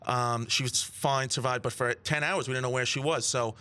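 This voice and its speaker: A man's voice: medium pitch, clean tone. A young man, a comedian telling a story in a casual studio chat. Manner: fast animated storyteller, laughs through his lines. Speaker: comedian guest. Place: radio studio.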